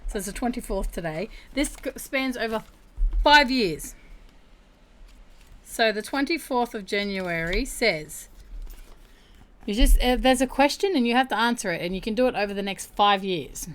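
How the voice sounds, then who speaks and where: A woman's voice: a little high, lively intonation, normal speed, long pauses, fairly bright tone. A young woman hosting a casual livestream chat, candid and chatty, laughing often. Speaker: livestream host.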